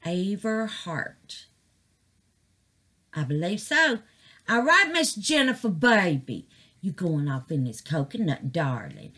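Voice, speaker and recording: A woman's voice: on the low side, sing-song, a little slow, bright, forceful tone, husky. A middle-aged woman chatting casually to her viewers about her craft, calling them babies and honey. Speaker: craft vlogger.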